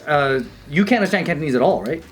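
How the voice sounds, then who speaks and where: Quick, curious man asking questions. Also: a little high, lively intonation, a crowd in the background. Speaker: podcast host. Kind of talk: casual chat.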